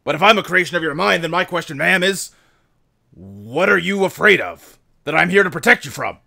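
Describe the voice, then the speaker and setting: A man's voice: on the high side, lively intonation, brisk, creaky, bright, forceful tone, pitched above the performer's own voice, exaggerated voice. Man doing an earnest soldier dog. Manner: clipped military "ma'am" replies. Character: gruff male soldier dog, eager, earnest.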